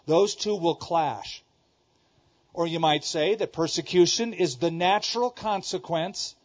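A middle-aged male pastor from Southern California preaches emphatically, repeating key lines and swinging between loud exclamations and quiet asides. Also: fairly high pitch. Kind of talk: sermon. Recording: dull lo-fi sermon recording.

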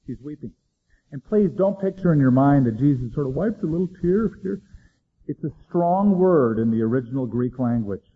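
Husky man preaching a dramatic sermon. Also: animated, moderate pace, phone-quality sound. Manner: dramatic, swings between loud emphasis and hushed low lines. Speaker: pastor.

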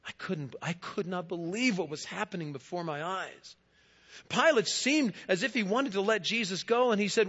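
A man, a guest speaker in a church, giving a first-person dramatic monologue in a storytelling manner, swelling loud and then dropping quiet. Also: high voice, normal speed, slightly rough. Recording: dull lo-fi recording.

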